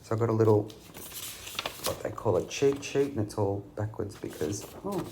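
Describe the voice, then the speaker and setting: A man's voice: lowish voice, moderate pace, background noise. An Australian man recovering from surgery, chatting to camera from a hospital bed in a rambling way with many ums. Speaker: patient vlogger. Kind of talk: casual chat to camera. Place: hospital room. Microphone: camera at bedside.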